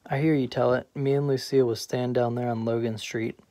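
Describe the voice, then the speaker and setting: A man voicing an easygoing middle-aged male friend who reminisces in a relaxed way, in a play audiobook. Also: medium pitch, fairly quick, no room sound, lightly acted. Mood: reminiscing.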